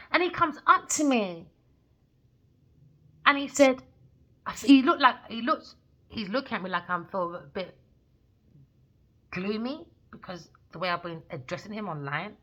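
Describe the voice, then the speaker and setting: A woman giving a rambling tarot reading, telling a story in an excitable, profane way. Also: mid-range voice, rough recording. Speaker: tarot reader.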